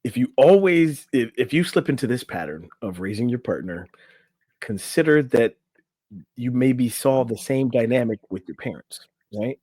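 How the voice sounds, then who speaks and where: A man's voice: mid-range voice, lively intonation, normal speed, a little mellow, dry recording. Chatty male coach on a dry mic. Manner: loose and chatty, reads from an article with asides. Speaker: podcast co-host, relationship coach. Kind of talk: casual podcast chat. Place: in a room on camera.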